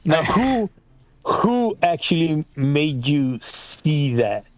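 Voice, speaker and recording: A man's voice: fairly high pitch, big pitch swings, drawn-out words, a little hiss or hum. A middle-aged man co-hosting a podcast with his son, talking bluntly, profanely and in a rambling way. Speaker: podcast co-host. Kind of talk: casual chat.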